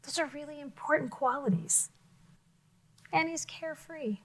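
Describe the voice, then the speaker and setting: A woman teacher reading a picture book aloud to children, expressive and full of questions to her listeners, sometimes dropping to a whisper. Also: high-pitched, normal speed, poor audio. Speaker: elementary school teacher.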